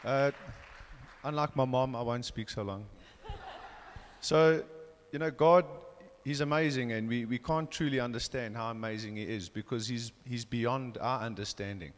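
A man's voice: mid-range voice, moderate pace, big-room sound. A young man gives a casual, hesitant church testimony with many fillers. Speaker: church member giving testimony.

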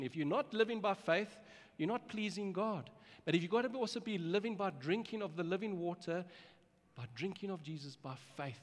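A man preaching a sermon as pastor, earnest and emphatic, often repeating words as he starts a phrase. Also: a little high. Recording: long hall reverb.

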